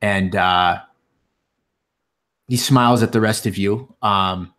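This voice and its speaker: A man narrating a tabletop fantasy game as game master, halting often with ums and restarts. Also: on the low side, fairly bright tone.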